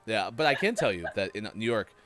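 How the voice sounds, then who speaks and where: Lively low-voiced male co-host. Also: fairly quick. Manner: relaxed, joking, reads from a list. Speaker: morning show co-host. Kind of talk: casual chat, reading news items.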